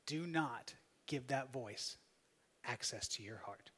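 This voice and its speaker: A man preaching a sermon as pastor, emphatic, swinging between loud appeals and soft, quiet asides. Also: mid-range voice, slow pace, slightly rough. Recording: long hall reverb.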